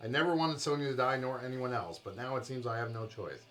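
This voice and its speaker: A man's voice: medium pitch, fast talker, fairly bright tone, lightly acted. A man voicing a bitter, scheming uncle who justifies his crimes. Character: bitter scheming middle-aged uncle, villain.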